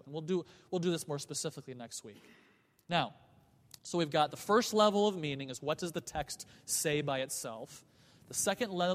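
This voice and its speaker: A man's voice: a little high, long reverb tail. A man teaching a class on church music, earnest, often repeating himself and chanting rhythms aloud. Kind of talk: classroom lecture.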